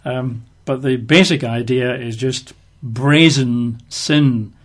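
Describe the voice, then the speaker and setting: A man's voice: mid-range voice, slow pace. A man giving conversational Bible teaching, explaining verses with everyday examples.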